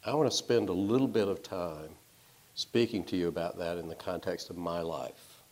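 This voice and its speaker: A man preaching a sermon, telling stories and shifting between loud and soft delivery. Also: deep voice, moderate pace.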